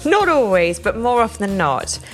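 A woman's voice: mid-range voice, moderate pace, faint music behind. A middle-aged woman co-hosting a casual chat, telling stories with animation and laughter. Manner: animated storytelling, bursts of laughter. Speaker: podcast co-host.

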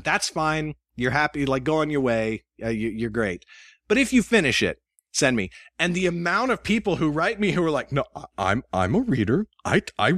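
A man's voice: a little high, a bit bright, dry recording, clean studio sound. A man, a guest author, chatting casually about his publishing business and acting out his emails in quoted voices. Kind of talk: casual chat.

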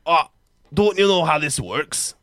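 A playful male podcast host runs an improv game and joins in, laughing easily. His voice sits high, and the close, dry recording has no room echo. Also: animated, a little slow, pushed and bright, clear, resonant tone.

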